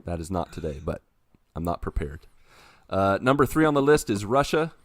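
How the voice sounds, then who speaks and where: A low-pitched man hosts a casual podcast chat, upbeat and joking as he reads out listener numbers and steers the talk. His voice is close and dry, with no room around it. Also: sing-song, normal speed, no echo. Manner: jokey, upbeat, runs the segment. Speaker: podcast host.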